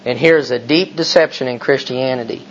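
A man preaches at a middle pitch, pressing his points home with one rhetorical question after another. The recording sounds somewhat dull, with a faint hiss underneath. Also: moderate pace. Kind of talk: sermon.

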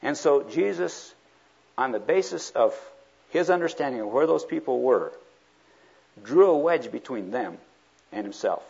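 A man preaches a sermon with a husky, slightly rough voice. His pitch rises and falls in big swings as he acts out the speakers he quotes. The recording is dull and lo-fi. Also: lively intonation, a little slow, long pauses, darkish tone.

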